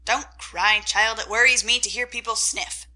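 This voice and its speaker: A woman voicing a gruff, sharp-tongued rich old aunt in a storybook reading. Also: a little high, fairly even intonation, normal speed. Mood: scornful. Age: older. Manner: gruff and scolding.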